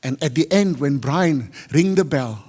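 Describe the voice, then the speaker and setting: A South African man preaches, and his speaking voice sits a little high. He tells a story and acts out each exchange with vivid voices, while a long reverb from a large hall trails after his words. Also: expressive, a little slow. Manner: switches between Afrikaans and English, acts out dialogue loudly. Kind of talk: sermon storytelling.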